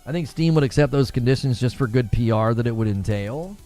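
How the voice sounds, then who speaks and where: A man's voice: mid-range voice, fairly quick, mellow, soft background music. A man hosting a casual gaming livestream, reading chat and talking back to it, laughing often.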